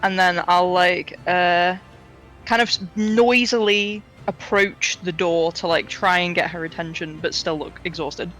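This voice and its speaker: A woman's voice: on the low side, steady tone, unhurried, fairly bright tone, faint music behind, rough recording. A woman player in a tabletop game, describing her actions hesitantly with many fillers. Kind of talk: tabletop role-play.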